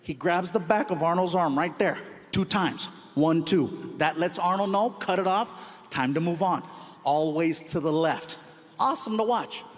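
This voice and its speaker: A male comedian telling an animated stand-up story on stage, acting out scenes and yelping. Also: a little high, unhurried, in a large hall.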